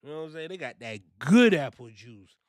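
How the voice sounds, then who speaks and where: In a clean, dry studio recording, a young man animatedly reviews his trucking orientation in a casual first-person way, often saying "you know" and "man." His voice is a little high and sing-song, and he talks a little fast.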